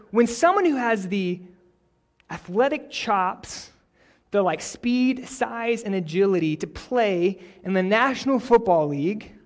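A young adult male pastor who prays quietly, then preaches a story-driven sermon with building energy. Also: high voice. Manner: prays softly, then preaches with rising energy and animated stories.

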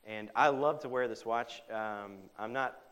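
Man, preacher, sermon, dynamic loud-to-soft delivery, conversational, middle pitch. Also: measured pace. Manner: dynamic delivery, swinging between loud emphasis and hushed quotes; conversational asides with "right?". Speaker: pastor.

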